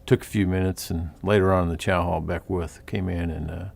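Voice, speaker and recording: A man in an interview quickly recounting a story about a comrade. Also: deep voice, steady tone, creaky, darkish tone. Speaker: interviewee, former soldier.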